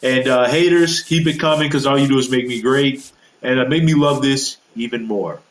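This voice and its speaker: A man's voice: mid-range voice, moderate pace, roomy sound, rough recording. A man rambling casually through a walkthrough of his created game roster, with lots of fillers and self-corrections. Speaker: gaming video creator.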